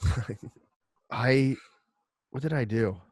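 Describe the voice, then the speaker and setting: A man co-hosting a casual comedy podcast, rambling and laughing as he pitches a bit, acting out the voices. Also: very slow, a little mellow, dry recording, clean studio sound. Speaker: podcast co-host.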